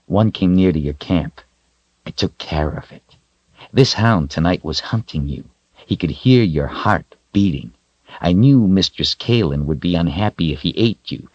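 Man doing gruff protective wolf, very deep, low growl, slow. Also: a little mellow, no room sound, dull audio, full character voice. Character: large male wolf, gruff, loyal, protective.

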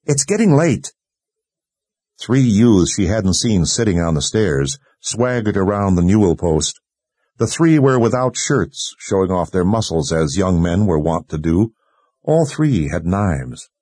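A man reading a fantasy novel aloud in steady scripted narration. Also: low-pitched, a little slow, breathy edge, dry recording. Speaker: audiobook narrator.

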